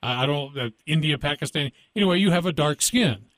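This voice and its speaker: A man's voice: fairly high pitch, animated, fairly quick, fairly bright tone, no echo, studio quality. A man hosting a podcast, chatty and loose, laughing and introducing his guest. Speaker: podcast host. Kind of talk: casual chat.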